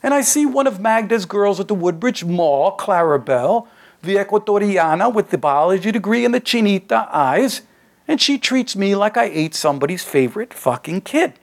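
A man's voice: high-pitched, expressive, normal speed. Man reading his story, streetwise and casual. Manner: conversational, streetwise first-person delivery. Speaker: author reading his own fiction. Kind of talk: live reading of a short story.

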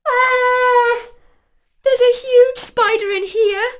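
A woman voicing Pally, an excitable, easily startled boy in a children's storybook, with high, loud exclamations. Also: drawn-out words, exaggerated voice. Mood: alarmed.

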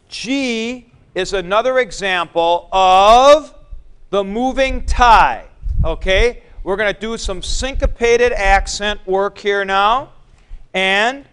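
Male Greek teacher, slow and patient lecture, high clear voice. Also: a bit bright. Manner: explains patiently, repeats points, recites word forms. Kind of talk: classroom lecture.

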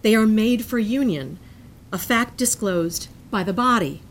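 A woman reading a prepared lecture aloud in a measured, earnest manner, sometimes breaking off into self-amused asides. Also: mid-range voice, lively intonation.

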